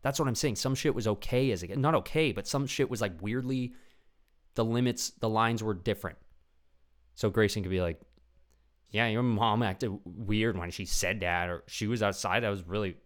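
Deep-voiced rambling young man podcaster. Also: a little fast. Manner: rambling, animated, swears a lot, acts out voices. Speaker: podcast host. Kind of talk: casual comedic monologue.

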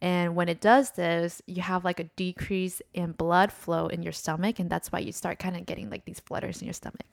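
A woman's voice: fairly low pitch, level tone, normal speed, vocal fry, few pauses, dry recording, studio quality. A young woman co-hosting a podcast, explaining ideas in casual chat with lots of fillers. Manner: explains at length with many fillers. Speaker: podcast co-host.

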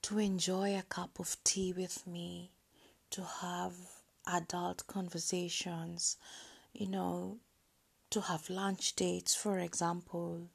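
Woman, personal storytelling, breathy near-whisper, gravelly fry, low voice, halting. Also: flat delivery. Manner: soft, hesitant, halting with many pauses and fillers. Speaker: podcast host sharing a personal story.

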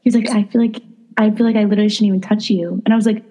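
A young woman co-hosting a podcast, telling dating stories in a casual, animated way, acting out quotes and saying "like" a lot. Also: mid-range voice, racing. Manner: animated, acts out quotes, lots of "like". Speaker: podcast co-host. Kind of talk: casual storytelling chat.

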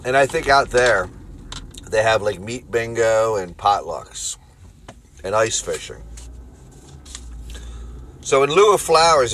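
A man with a Philadelphia accent hosting a solo podcast from his car, rambling crudely and jokingly between loud bursts and mutters. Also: medium pitch, slight background noise. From Philadelphia area. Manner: rambling, crude, jokey, swings loud and quiet. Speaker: podcast host. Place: car on the road.

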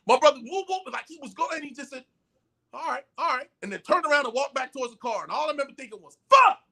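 High-pitched excitable man telling stories. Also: racing. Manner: excitable and profane, acts out voices in his stories. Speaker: podcast guest. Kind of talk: animated storytelling in casual chat.

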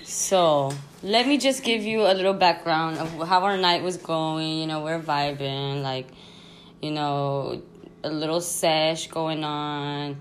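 A young woman hosts a podcast from her home, rambling through a storytime in loose slang and breaking into laughter often. Her voice sits a little low. Faint background noise runs under the talk. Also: slow. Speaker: podcast host. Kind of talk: casual storytime chat.

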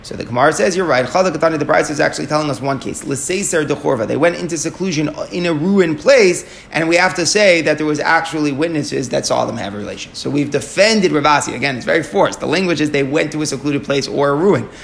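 A man's voice: a little high, fast, creaky, few pauses, a bit bright. A man teaching a Talmud lesson, explaining step by step and asking and answering his own questions, with Aramaic and Hebrew terms mixed in.

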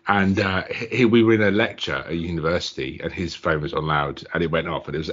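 A man's voice: sits low, normal speed, slightly rough. A man co-hosting a podcast, telling stories in casual chat and acting out the quotes. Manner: animated storyteller, acts out quotes. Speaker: podcast co-host. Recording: muffled lo-fi audio.

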